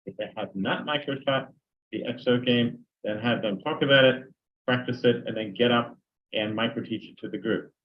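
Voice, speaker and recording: An older man gives a conversational lecture to trainee teachers. His voice sits at an ordinary middle pitch. The recording is dull and lo-fi. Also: steady tone, moderate pace. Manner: conversational, acts out sample dialogues.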